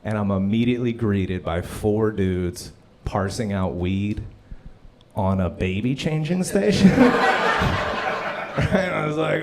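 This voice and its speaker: A man in his thirties doing a live stand-up set at a comedy club, telling stories and acting out people in loud, high voices. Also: unhurried. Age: 30s. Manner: animated storytelling, acts out characters in loud high voices. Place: comedy club stage before a laughing audience.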